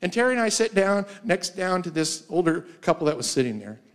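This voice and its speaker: A man's voice: high-pitched, very animated, brisk, fairly bright tone. A man preaching as a guest speaker, telling personal stories with frequent laughs. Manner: storytelling, laughs often, acts out quoted voices. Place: church sanctuary.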